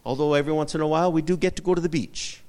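A man's voice: fairly high pitch, fairly even intonation, very fast, a little mellow, clean tone. Man preaching with long hall reverb. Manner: call-and-response preaching, asking for amens; repeats short emphatic phrases. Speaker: pastor. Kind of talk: sermon.

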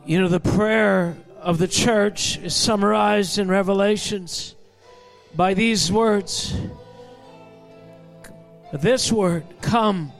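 A man's voice: high-pitched, takes it slowly, pauses often. A man leading fervent intercessory prayer, pleading impassionedly and crying out over faint music. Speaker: prayer leader.

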